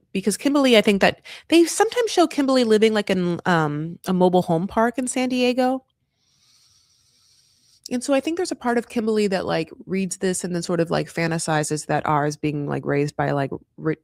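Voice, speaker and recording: Blunt sassy guy doing a reality tv recap, swears a lot, pops into a high voice for quotes, dry close mic. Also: vocal fry, dry recording. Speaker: TV recap host.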